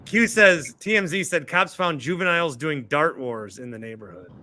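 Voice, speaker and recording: A man's voice: a little high, animated, normal speed, sharp tone. A man hosting a casual call-in show, joking and teasing his callers. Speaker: show host.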